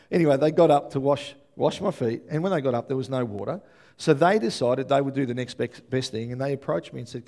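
An Australian man preaching a sermon as pastor, telling stories with lively energy and often checking in with the congregation. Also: mid-range voice, fast, gravelly. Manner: animated storytelling with frequent "yeah?" check-ins to the congregation.

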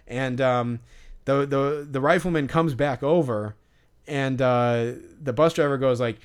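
A man's voice: medium pitch, moderate pace, clean tone. A man co-hosting a podcast, telling a story in a rambling casual way with lots of fillers and restarts. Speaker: podcast co-host.

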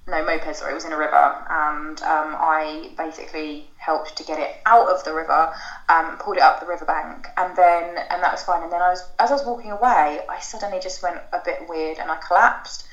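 Woman, 30s, podcast guest; lowish voice, chatty and rambling, recorded roomy and lo-fi. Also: fairly even intonation, brisk, a bit bright. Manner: chatty storytelling, rambling with fillers and self-corrections. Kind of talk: casual podcast chat. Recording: roomy, dull lo-fi sound.

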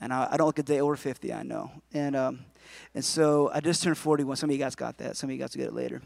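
A man's voice: mid-range voice, steady tone, quick pace, vocal fry, darkish tone, no echo. A man in his forties preaching a sermon in a conversational way, with jokes and asides to the congregation. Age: 40s. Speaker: pastor.

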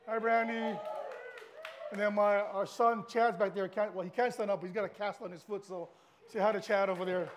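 A middle-aged man from Hawaii with a Hawaiian accent, a guest pastor giving a casual, chatty sermon to the congregation. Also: high-pitched.

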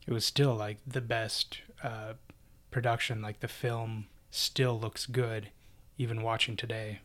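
A man adding low-key remarks in a casual conversation. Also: little pitch movement, a little slow, fairly bright tone. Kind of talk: casual chat.

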